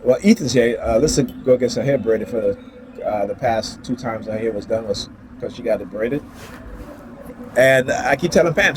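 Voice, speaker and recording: A man's voice: medium pitch, moderate pace, long pauses, background noise. A man vlogging from his car in a casual, heated rant, rambling and repeating "you know" and "right?".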